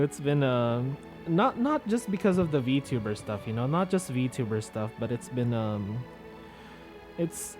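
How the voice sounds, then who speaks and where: A man chatting casually with viewers on a live stream, rambling and self-deprecating. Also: medium pitch. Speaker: VTuber streamer.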